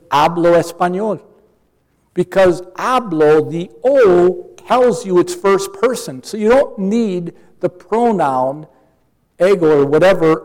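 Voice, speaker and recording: A man's voice: high voice, darkish tone. A man preaching a sermon as a pastor, explaining scripture patiently and with earnest emphasis. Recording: long hall reverb.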